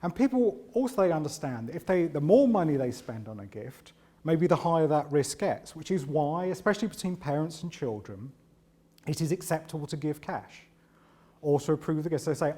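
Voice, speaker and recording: A man presenting a conference talk in a lively, conversational way, with a voice sitting a little higher than most men's. He keeps nudging the audience with "right?" and pokes fun at himself as he goes. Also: fairly quick. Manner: animated and chatty, often tags lines with "right?"; self-deprecating humour. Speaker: conference speaker.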